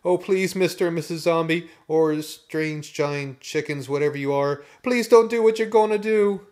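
A man voicing a frightened, drooling little zombie boy in a storybook reading, with a high, pleading voice. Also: sing-song, normal speed. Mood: pleading panic.

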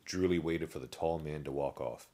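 A man narrates a children's story in a steady, gently amused way. His voice is very deep and low. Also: moderate pace.

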